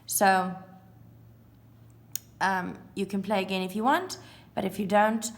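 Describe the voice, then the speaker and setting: Woman, primary teacher, very slow and deliberate, phonics lesson for young learners. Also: medium pitch, steady tone. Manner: slow, clear, sounding out letters and counting aloud.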